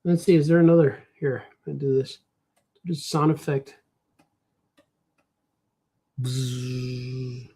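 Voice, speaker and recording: A man's voice: fairly high pitch, steady tone, brisk, creaky, warm tone, slightly rough. A man with a Chicago accent, chatting casually and rambling to himself while he draws on a livestream, tossing in "man" a lot. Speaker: cartoonist streaming while drawing.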